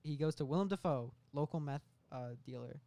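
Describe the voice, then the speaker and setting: Young man rambling through a pitch. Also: dark tone, no room sound. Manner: rambling storytelling with many fillers and quick bursts of put-on voices. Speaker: podcast co-host pitching a film idea. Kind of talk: casual comedic chat.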